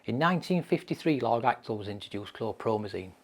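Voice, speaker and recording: A man's voice: fairly low pitch, animated, quick pace. A man giving a mental health training lecture, telling case stories with emphatic repetition.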